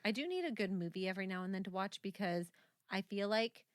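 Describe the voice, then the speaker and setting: A young woman co-hosting a casual podcast, her voice mid-pitched and lively as she swears freely and laughs through her own stories. The recording is dry and close, with no room around her. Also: quick pace, dry recording. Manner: animated, swears often, laughs while telling stories. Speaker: podcast co-host. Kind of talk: casual chat.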